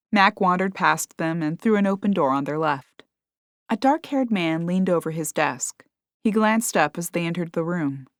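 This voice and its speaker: A woman narrating a cozy mystery audiobook in a steady, clear storytelling voice. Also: fairly low pitch, no room sound, clean studio sound. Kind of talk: scripted narration.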